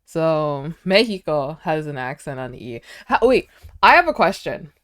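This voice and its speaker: A woman's voice: low voice, sing-song, moderate pace, a bit bright, no echo, clean studio sound. A woman streaming casually as she works through a language lesson, chatting playfully and sounding out foreign words aloud. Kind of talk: casual livestream chat during a language lesson.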